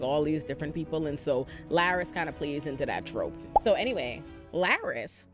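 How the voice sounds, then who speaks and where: A woman hosting a casual TV recap, sassy and profane as she tells the story. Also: low voice. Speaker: host.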